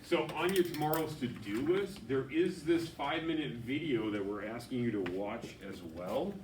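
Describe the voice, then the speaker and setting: A man giving a class its instructions, plainly and with steady repetition. His voice sounds distant in an echoing classroom. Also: medium pitch, normal speed, a little hiss or hum. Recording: echoey classroom, far from mic.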